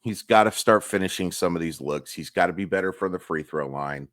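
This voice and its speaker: A young man with a raspy, hoarse voice, giving a candid, rambling solo recap of a basketball game as host. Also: low-pitched, brisk, a bit bright, dry recording, clean studio sound. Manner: candid, frustrated, rambling with restarts. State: hoarse, losing his voice. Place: home room, early morning.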